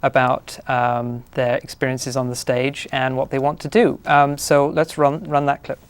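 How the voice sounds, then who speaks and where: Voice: medium pitch, level tone, a little slow, clear, resonant tone. A co-host interviewing the show's host in casual chat, nudging things along with short questions. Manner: prompting with short questions and backchannels.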